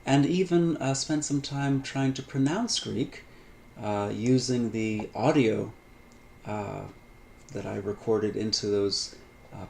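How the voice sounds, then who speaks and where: A man lecturing on Greek grammar in a relaxed, unscripted way, with many fillers, restarts and light asides. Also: fairly low pitch, gravelly, a little hiss or hum. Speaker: Greek instructor. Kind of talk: recorded lecture.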